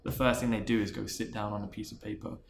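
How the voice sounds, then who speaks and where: Male interview guest, earnest storyteller, lower voice, echoey room. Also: level tone, quick pace, creaky, a little hiss or hum. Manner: earnest, restarts and repeats words. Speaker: interview guest, marketing executive. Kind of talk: reflective storytelling in conversation.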